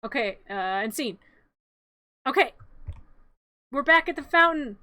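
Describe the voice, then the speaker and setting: High bright giggly woman streamer. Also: animated, a little slow, dry recording. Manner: rambling, giggly, self-correcting. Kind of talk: playful narration of a cartoon.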